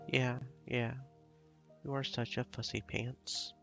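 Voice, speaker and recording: A man's voice: medium pitch, steady tone, takes it slowly, creaky, a bit bright, lo-fi sound, faint music behind. A man voicing a bored, apathetic teenage girl who answers in an offhand way.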